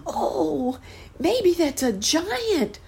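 Casting: a scared lost little boy, high wailing cry, as a woman puts him on. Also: expressive, extremely slow, gravelly, darkish tone, full character voice. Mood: frightened. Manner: high crying wail.

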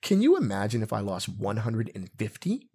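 A man's voice: on the low side, huge pitch swings, normal speed, mellow, husky. A man co-hosting a casual chat, telling stories with mock outrage and frequent laughter. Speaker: podcast co-host.

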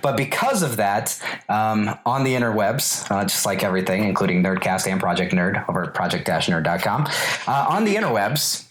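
A quiz host running a casual game among friends, joking and rambling with fillers. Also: female voice, very deep voice, sing-song, a little fast. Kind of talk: casual podcast game show. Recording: echoey room, faint noise.

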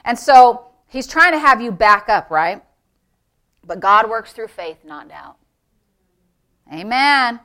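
A woman pastor delivering a sermon with a bright, forceful voice that sits somewhat high. She preaches emphatically, building to shouts and calling out to the congregation for responses. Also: lively intonation, slow, pauses often.

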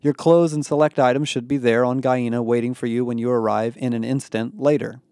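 A man voicing a calm, matter-of-fact male alien guide who explains things plainly. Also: mid-range voice, brisk, no room sound, clean studio sound, close to an everyday voice.

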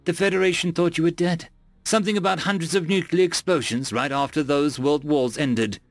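A man's voice: a little high, fairly quick, no echo, pitched above the performer's own voice, close to an everyday voice. A man voicing a timid female alien envoy from a prey species, who speaks in an apologetic, stammering way in an audiobook. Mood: nervous. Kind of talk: audiobook character voice.

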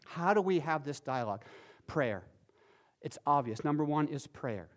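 A middle-aged male pastor delivering a sermon in a fairly high voice. He swings between loud, emphatic bursts and soft, hushed lines. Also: normal speed. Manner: animated, shifting from loud emphasis to soft near-whispers.

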